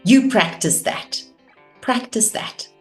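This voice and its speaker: A woman teaching a course on communication, calm and measured, showing vocal techniques. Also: a little high, soft background music. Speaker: communication coach.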